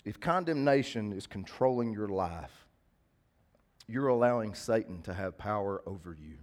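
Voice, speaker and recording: A man's voice: lowish voice, expressive, normal speed, darkish tone. A middle-aged man preaching a sermon, talking straight to his congregation in a folksy way. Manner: folksy, talks to congregation directly.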